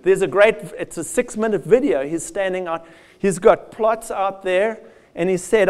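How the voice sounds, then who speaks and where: A man giving a lively, conversational field day presentation with slides, addressing farmers directly and joking at his own expense. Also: high voice, moderate pace, clear, resonant tone. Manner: lively with self-deprecating asides. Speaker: soil health speaker.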